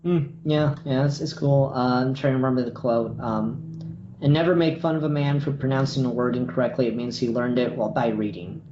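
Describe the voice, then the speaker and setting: A man's voice: mid-range voice, fairly even intonation, a little fast, mellow, slight background noise. A man co-hosting a podcast, talking casually and hesitantly about comics. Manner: hesitant, lots of fillers and restarts. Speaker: podcast co-host. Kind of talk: casual comic book discussion. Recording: echoey, dull lo-fi room sound.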